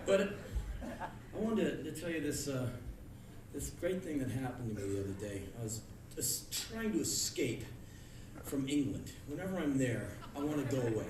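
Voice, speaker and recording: A man in his early thirties giving a live spoken word monologue on stage, ranting in sudden shouted bursts of rage. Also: mid-range voice, sing-song, moderate pace. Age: early 30s. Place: music club on stage. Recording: echoey club from far off, crowd noise. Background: audience laughter.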